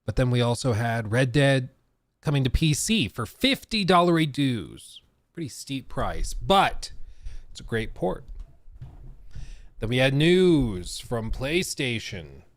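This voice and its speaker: Unhurried chatty male streamer, lively pitch. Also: no echo. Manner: chatty, relaxed, with fillers and wry asides. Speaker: gaming streamer host. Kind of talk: casual live-stream chat.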